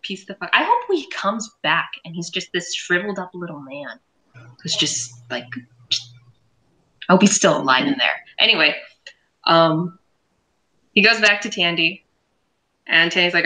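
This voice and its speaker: A woman hosting a casual recap chat, animated and swearing freely as she retells the plot. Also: on the low side, normal speed, pauses often, low-quality recording. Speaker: show host and reviewer.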